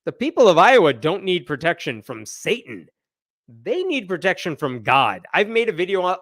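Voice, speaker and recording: A man's voice: fairly high pitch, a bit bright, dry recording, clean studio sound. A man hosting a live news roundup, giving wry, exasperated commentary and reading passages aloud.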